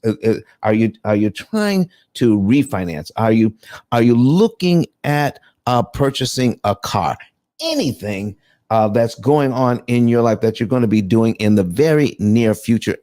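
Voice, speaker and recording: A man with a mellow, fairly low voice hosts a live online room about paying off home loans. He talks loosely, restarts his sentences often and greets his listeners one by one. The sound is dry and close, with no room around it. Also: no echo. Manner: loose and rambling, many restarts and fillers, calls out listeners by name. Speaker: host of a live audio room on paying off mortgages. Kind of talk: casual live room hosting, explaining finance.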